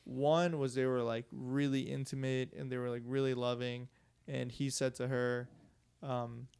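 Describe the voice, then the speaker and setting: Gravelly profane storytelling guy. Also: medium pitch, flat delivery, a little slow, darkish tone, slight background noise. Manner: loose, profane storyteller with frequent "like" and laughs. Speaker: podcast co-host. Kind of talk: casual podcast chat.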